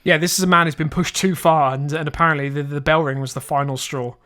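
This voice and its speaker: A man's voice: fairly high pitch, fairly even intonation, fast talker, pushed and bright. A man co-hosting a comedy podcast, reacting bluntly and swearing freely, often stumbling over his words. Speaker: podcast co-host. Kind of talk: casual comedic chat.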